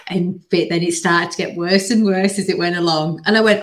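A woman hosting a podcast, telling a story in an animated, casual way with plenty of "like" and the odd swear word. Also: fairly low pitch, brisk, few pauses. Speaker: podcast host. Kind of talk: casual chat.

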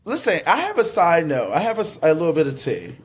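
A man with a fairly high, very animated voice, rambling through a recap in a casual video-call panel. He swears freely and trails off while searching for words. There is faint background noise. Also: fast. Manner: rambling, loose, cursing recap.

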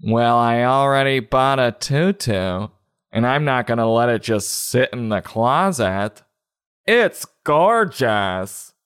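A man voicing a prissy young woman in a comedic storybook reading, in a dramatic, girly falsetto. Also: lively intonation, slow, fairly bright tone, smooth. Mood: gushing.

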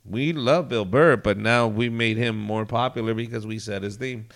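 A man's voice: on the low side, normal speed, fairly bright tone. A man co-hosting a podcast, making his points emphatically, with plenty of swearing. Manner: emphatic, lecturing, profane. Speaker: podcast co-host. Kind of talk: casual chat.

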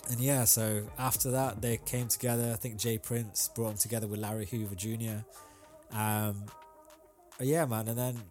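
A relaxed young man chatting on his own podcast, voice sitting on the low side. He rambles loosely, dropping slang and filler words as he goes. Faint music plays underneath. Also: moderate pace. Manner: laid-back, rambling, frequent ums and slang. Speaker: podcast host. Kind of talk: casual solo podcast chat.

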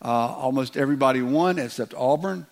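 A pastor with a Southern drawl preaches in a church, his voice sitting at an ordinary middle pitch for a man. He talks in a folksy, joking way, picking up speed when he reads scripture aloud. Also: a little fast. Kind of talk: sermon. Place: church sanctuary.

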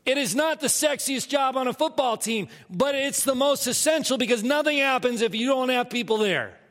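Pastor guy preaching in a big echoey church, kinda high voice, lively and laughy. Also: normal speed. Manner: animated, laughing asides, repeats himself. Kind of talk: sermon.

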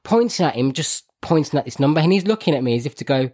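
Lively man with a Birmingham accent. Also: fairly high pitch, fast talker. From Birmingham, England. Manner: laughs often, self-mocking, animated telling. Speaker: podcast co-host. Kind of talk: casual chat, storytelling.

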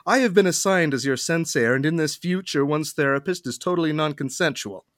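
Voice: medium pitch, a little fast, fairly bright tone, no echo, studio quality, natural voice. A podcaster voicing a smug male captor delivering drawling threats.

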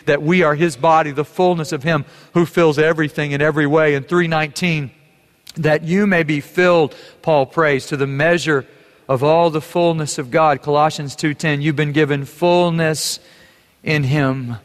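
A man preaching a sermon as pastor, earnest and building to fervent emphasis. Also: a little high. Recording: long hall reverb.

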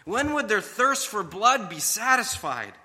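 Male storyteller, high and bright, slow dramatic second-person narration, heard with a long hall reverb. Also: very animated. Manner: slow, emphatic, dramatic delivery.

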